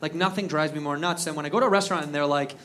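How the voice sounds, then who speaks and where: A man's voice: on the high side, rapid-fire, fairly bright tone. A male stand-up comedian with a rambling, self-deprecating delivery and frequent restarts. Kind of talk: stand-up routine. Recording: live club with clear background noise.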